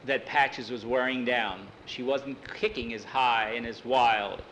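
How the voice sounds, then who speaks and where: A man's voice: mid-range voice, fairly even intonation, fairly bright tone, slight background noise, poor audio. Folksy male storyteller. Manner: folksy, unhurried, repeats "he says". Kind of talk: oral storytelling.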